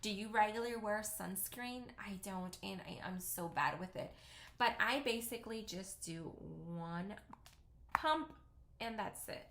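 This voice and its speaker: A woman's voice: medium pitch, unhurried, a bit bright, a little hiss or hum. Woman, 30s, Spanish accent, casual vlog chat, rambling, self-deprecating, roomy recording. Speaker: vlogger. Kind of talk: casual makeup tutorial chat. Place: at home. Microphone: camera mic. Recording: roomy echo.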